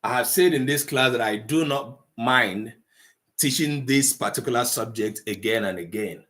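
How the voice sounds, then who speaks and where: A man teaching a live online language class, slowly sounding out syllables in high and low tones. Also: fairly bright tone. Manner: slow, deliberate teaching, mixing English and Igbo.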